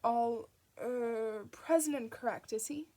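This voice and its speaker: A woman's voice: on the high side, slow, dark tone. Woman voicing a puzzled mild father. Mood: doubtful. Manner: doubtful, hesitant. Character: mild, puzzled middle-aged Englishman.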